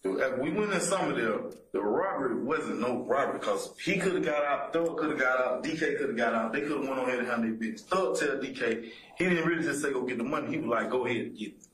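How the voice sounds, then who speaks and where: A man being questioned in a police interview room, talking in casual street slang, halting and repeating words as he goes. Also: mid-range voice, animated, a bit bright, echoey room, slight background noise, rough recording. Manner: casual street slang, keeps checking he is understood.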